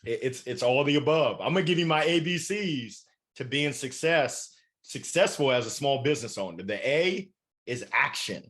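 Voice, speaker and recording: Lively motivational man in his forties. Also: mid-range voice, moderate pace. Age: 40s. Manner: animated, playful, motivational, acts out voices. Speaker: keynote speaker and author. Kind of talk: energetic interview answers.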